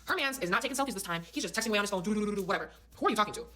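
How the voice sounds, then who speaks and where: A young woman rattles through a personal story at a breakneck clip. Her voice is bright and forceful, and she keeps dropping slangy, emphatic asides to her listeners. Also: medium pitch, expressive, rapid-fire. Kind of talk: casual storytelling.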